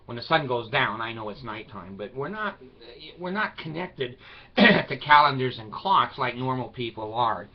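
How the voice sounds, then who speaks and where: A man's voice: mid-range voice, animated, normal speed, a crowd in the background. A man talking to camera in a loose, rambling monologue, wry and irreverent in tone. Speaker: video blogger. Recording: slightly dull lo-fi recording.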